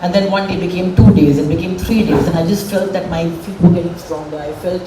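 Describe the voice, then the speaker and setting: Speaking a little fast with a fairly low, steady voice, a middle-aged Indian woman gives a candid, emotional public speech at an event. She's heard from a distance in a spacious, reverberant hall where faint room noise hums in the background.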